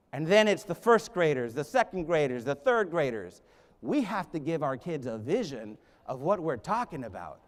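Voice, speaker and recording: A middle-aged man, a native Spanish speaker, giving a lively keynote speech as a school leader, telling stories and rallying the crowd. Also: sits high. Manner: animated, rallying the crowd, storytelling. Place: large conference hall. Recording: echoing hall reverb.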